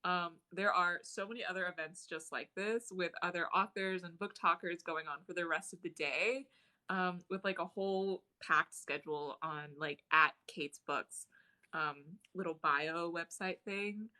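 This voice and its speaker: A woman's voice: fairly low pitch, fairly even intonation, measured pace, bright, forceful tone. A woman hosting a casual livestream interview, gushing and enthusiastic, filling her talk with "like". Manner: gushing, enthusiastic, many "like" fillers. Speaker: host.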